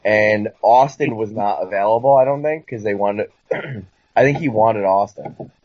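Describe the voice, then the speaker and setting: A man co-hosting a casual wrestling podcast, rambling and excitable, sometimes mocking others in a squeaky voice. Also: a little slow, no room sound. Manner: rambling, excitable, mocking high-pitched impressions. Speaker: podcast co-host. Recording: dull lo-fi dry sound.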